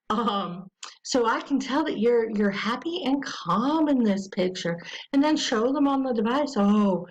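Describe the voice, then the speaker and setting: Woman, educational webinar presenter, fairly high voice, casual with ums, gentle modeled self-talk. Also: animated, low-quality recording. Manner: slow, soothing modeling of self-talk in quotes; conversational with frequent ums.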